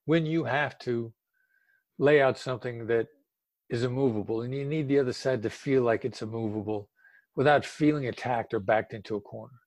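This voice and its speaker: A man's voice: mid-range voice, moderate pace, no echo. An older man speaking as an expert guest in a casual interview, emphatic and drawing out words for stress.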